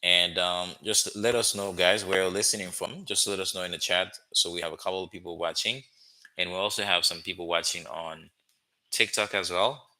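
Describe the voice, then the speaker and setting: Haitian-accented male teacher on a livestream, deep bright voice, patient and repetitive. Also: fairly even intonation, poor audio. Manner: slow, drilling repetitions, frequent "okay?" checks. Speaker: language teacher. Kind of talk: livestream language lesson.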